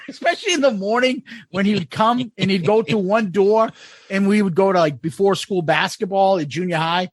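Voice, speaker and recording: A man co-hosting a casual podcast, telling stories in an animated, profane way and laughing often. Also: high-pitched, normal speed, no echo. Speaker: podcast co-host.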